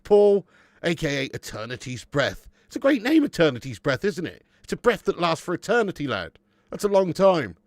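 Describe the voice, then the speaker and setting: A high-pitched man hosts a football watch-along stream, bantering with chat, swearing, and laughing as he reads messages aloud. The recording is dry, with clean studio sound.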